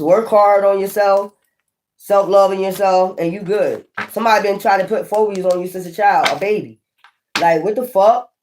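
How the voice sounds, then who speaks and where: Blunt, profane tarot reader. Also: mid-range voice. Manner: preachy, addresses viewers directly. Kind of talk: casual spiritual tarot reading.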